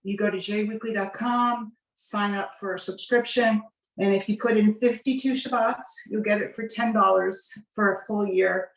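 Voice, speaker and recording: A woman cookbook author giving a casual talk about her book on a video call, chatty with quick asides. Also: medium pitch, steady tone, gravelly. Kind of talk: casual presentation. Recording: roomy audio from far off the mic.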